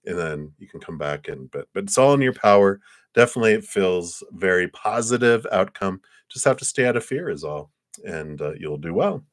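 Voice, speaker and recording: A man reads tarot cards on a live stream, his voice sitting very low. He talks in a gentle, reassuring way with soft laughs along the way. Now and then he clears his throat. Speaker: tarot reader.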